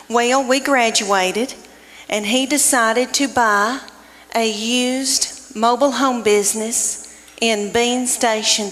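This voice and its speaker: A middle-aged woman with a Southern US accent, telling stories in a folksy, drawn-out way during a stand-up comedy set. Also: a little high. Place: live comedy venue stage. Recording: live reverberant hall with noise.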